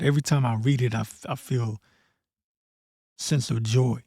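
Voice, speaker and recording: A man hosting a casual scripture commentary, blunt and profane, tossing in "man" often and reading verses slowly and deliberately. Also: mid-range voice, fairly even intonation, dark tone, no room sound, studio quality. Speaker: host of a prophecy commentary channel.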